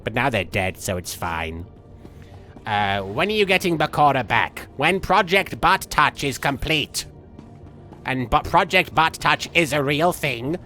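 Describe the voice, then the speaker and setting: Streaming a game in character, a livestream gamer plays a manic, childish villain who rambles giddily and gleefully jumps between jokes while sniffling from a cold. His medium-pitched voice is sing-song, pushed and bright, and a little slow, with faint music behind.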